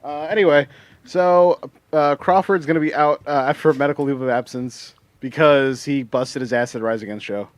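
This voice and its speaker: A man's voice: medium pitch, moderate pace, dry recording. A man co-hosting a casual podcast, reading out music news in a rambling way with lots of fillers and swearing.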